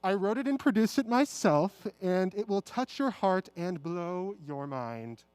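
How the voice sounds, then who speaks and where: A woman's voice: medium pitch, expressive, unhurried, darkish tone, clear, resonant tone, no room sound. A woman performing a comic, self-important one-woman show with bursts of song. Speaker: pageant contestant.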